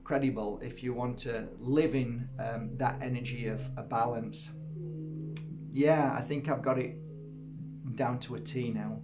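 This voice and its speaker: A man showing off his crystals in a casual video, gushing with exclamations and squealing up high in delight. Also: steady tone, a little slow, darkish tone, soft background music. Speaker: crystal seller and workshop host. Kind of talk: casual show-and-tell video.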